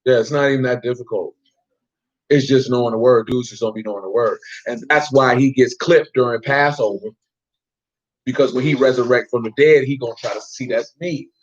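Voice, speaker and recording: A man's voice: medium pitch, fairly even intonation, fairly quick. Slangy man preaching in a muffled recording. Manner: slangy, street-talk preaching; quizzes listeners by name. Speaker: Bible teacher. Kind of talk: informal Bible study sermon.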